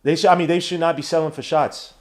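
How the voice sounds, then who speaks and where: A man hosting a live watch-along podcast, calling the basketball game play by play with slangy, excitable talk that breaks into shouts at big plays. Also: on the high side, quick pace, a loud crowd. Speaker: podcast host doing play-by-play.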